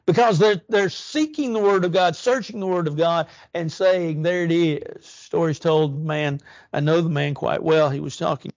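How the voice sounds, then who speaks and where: A man delivers a church sermon with earnest conviction, stretching key words slowly and lifting his voice for emphasis. His voice sits a little high, recorded close and dry with a slightly dull, muffled sound. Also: darkish tone, no echo. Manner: earnest, rising emphasis and slow drawn-out stresses. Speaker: preacher.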